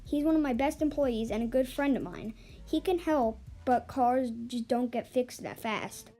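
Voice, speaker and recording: A woman reading the lines of a calm, firm male auto shop owner who defends his employee. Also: fairly high pitch, normal speed, close to an everyday voice.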